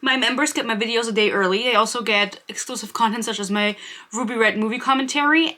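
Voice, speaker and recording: A young German woman with a German accent hosts a book channel, chatting casually to camera and rambling to her viewers, often interrupting herself. Her voice is a little high, fast, pushed, and bright.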